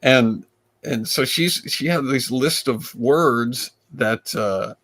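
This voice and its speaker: A man, a comedian guest, telling stories in a rambling, animated way with frequent restarts. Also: medium pitch, takes it slowly. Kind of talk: casual storytelling chat.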